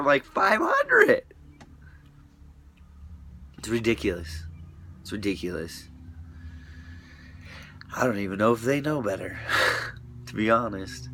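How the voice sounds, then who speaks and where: A man's voice: mid-range voice, pushed and bright, a little hiss or hum. A man talking to camera in a rambling, profane monologue, restless and often trailing off into mutters.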